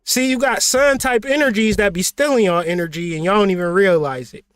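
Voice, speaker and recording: Blunt, high-voiced man preaching motivation. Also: a little fast, a bit bright, smooth, no echo, clean studio sound. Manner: blunt, profane, preachy with rhetorical questions. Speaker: spiritual teacher and channel host. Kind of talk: motivational livestream talk.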